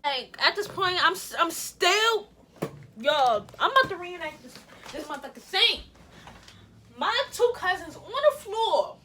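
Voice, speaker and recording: Young woman, storytime vlog, high bright voice, emphatic, acts out her reactions, faint hiss. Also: a little slow. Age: young adult. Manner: animated, emphatic, swears freely, acts out her own reactions. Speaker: YouTuber telling a story.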